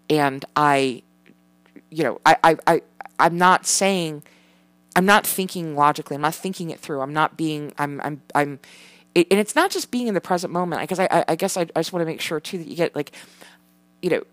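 A woman's voice: deep voice, fairly bright tone, no echo. A mother chatting casually about parenting, rambling with lots of fillers and the odd swear word. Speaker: parent sharing parenting tips. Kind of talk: casual chat.

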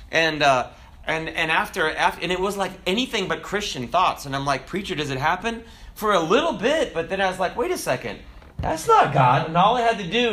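A man preaching a sermon in a conversational, humorous way, acting out little quotes and slowing down to quote scripture. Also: a little high, pushed and bright. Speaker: pastor.

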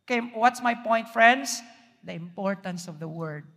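High-voiced pastor in a reverberant hall. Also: male voice, normal speed, gravelly, pushed and bright. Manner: preaching with frequent rhetorical questions to the congregation. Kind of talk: sermon.

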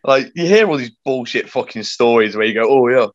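Young man, podcast guest, animated sweary storyteller, dry and dull sound. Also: medium pitch, fairly quick, no echo. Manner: swears a lot, tells stories animatedly. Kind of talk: casual storytelling chat.

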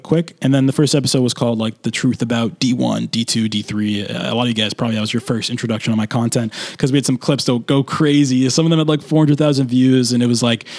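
A young man, host of his own show, telling his story casually and rambling, with lots of fillers and animated quoted asides. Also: mid-range voice. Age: young adult.

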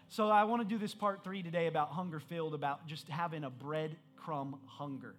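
A man in his thirties preaching a sermon as pastor, reading scripture and speaking with animated, emphatic bursts. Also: fairly high pitch, a little fast, hardly any pauses, faint music behind.

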